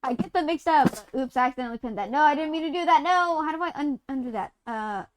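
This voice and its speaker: A woman's voice: high-pitched, fast talker. A woman streamer from Utah chatting casually and rambling through a story while gaming, swearing and laughing mid-sentence.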